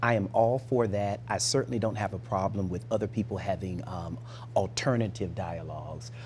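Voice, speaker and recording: A man who is a bishop, speaking as a guest on a talk show in a measured, deliberate way. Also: deep voice, a little mellow, a little hiss or hum.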